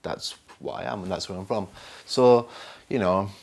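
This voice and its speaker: A young actor from Burnley, England, speaks with a Northern English Lancashire accent in a lowish, slightly mellow voice at a moderate pace. Telling stories in an unscripted interview, he rambles and mocks himself, with laughter and mimicry along the way.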